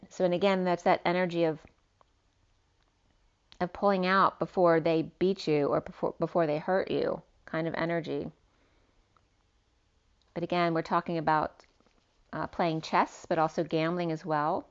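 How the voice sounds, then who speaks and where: A woman's voice: lowish voice, fairly even intonation, unhurried, pauses often, clean tone. A woman giving a rambling tarot reading, free-associating through wordplay. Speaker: tarot reader. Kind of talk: spiritual tarot reading monologue. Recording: dull lo-fi sound.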